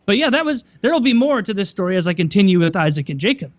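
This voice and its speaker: A man's voice: sits high, big pitch swings, fast, muffled recording. Crude, jokey man retelling a story. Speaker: podcast co-host. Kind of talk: casual storytelling.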